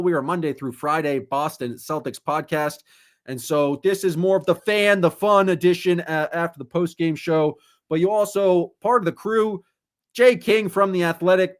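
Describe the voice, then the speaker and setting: Co-hosting a podcast, this animated man riffs his way through comic rants in relaxed conversation. His voice is slightly high for a man and keeps its liveliness joke after joke.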